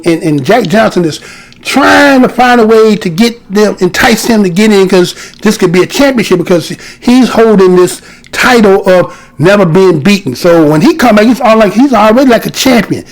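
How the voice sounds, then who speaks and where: A man's voice: high-pitched, expressive, moderate pace, rough recording. A man giving casual history commentary, talking conversationally and often checking in with listeners through rhetorical questions.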